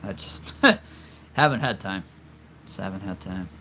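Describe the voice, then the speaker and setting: A man hosting a relaxed livestream, chatting with his viewers and laughing often. He speaks at an unhurried, slow pace, and his voice is a little worn because he is losing it. Soft ambient sound hums faintly behind him. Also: deep voice, a little hiss or hum. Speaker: livestream host. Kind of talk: casual live chat answering viewers.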